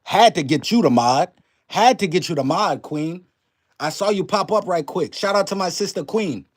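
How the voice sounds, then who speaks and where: A man with a high-pitched voice rants to a live chat, preachy and emphatic, full of slang and swearing. He keeps firing rhetorical questions at his viewers. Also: expressive, normal speed. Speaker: livestream commentary host. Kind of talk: casual ranting commentary to a live chat.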